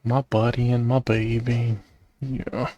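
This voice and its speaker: A young man casually commenting on a game playthrough in relaxed, muttered asides. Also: medium pitch, slow pace, highs cut off, slight background noise. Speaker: game streamer.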